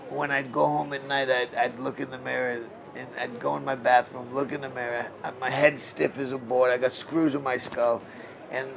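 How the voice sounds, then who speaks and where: A man's voice: mid-range voice, vocal fry. A man in his sixties, a former boxer, talking bluntly and emphatically in an interview and often restarting his phrases. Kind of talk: interview storytelling. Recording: crowd noise around the mic. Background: crowd murmur.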